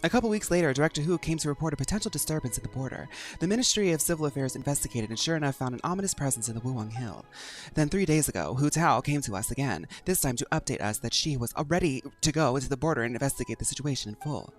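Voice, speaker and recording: A man reading lines as a composed woman leader giving a brisk formal briefing. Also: medium pitch, lively intonation, faint music behind, lightly acted. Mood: serious.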